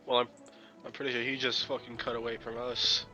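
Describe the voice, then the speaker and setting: Brief: blunt joking male player, flat delivery, bright tone. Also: mid-range voice, fairly quick, muffled recording, faint music behind. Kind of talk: casual chat in a tabletop game.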